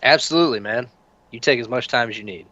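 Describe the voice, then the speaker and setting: A man's voice: mid-range voice, quick pace, sharp tone, no room sound, highs cut off. An easygoing man playing a tabletop game. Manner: easygoing, says man a lot. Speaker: player.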